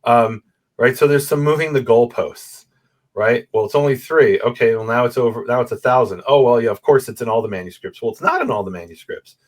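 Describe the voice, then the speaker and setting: A man talks through his research as a guest on a video call, mid-pitched and animated. He explains step by step and keeps checking in with his listener. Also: a little fast. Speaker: guest, Bible manuscript scholar. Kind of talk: explanatory conversation. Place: room with a bookshelf photo backdrop.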